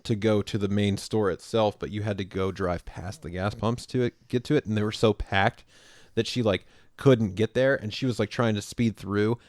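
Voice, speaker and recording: This man's voice is on the low side and moves at a moderate pace, with no echo, as he co-hosts a podcast. Chatting casually, he tells a story with animation, acts out quoted lines and laughs frequently.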